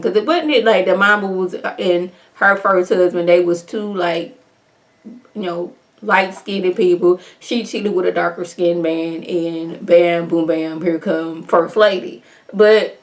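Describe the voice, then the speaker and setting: A woman recaps a TV episode in casual, animated chat, with frequent exclamations. Her voice sits at a mid pitch for a woman. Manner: animated, chatty, exclamatory retelling. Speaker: TV recap vlogger.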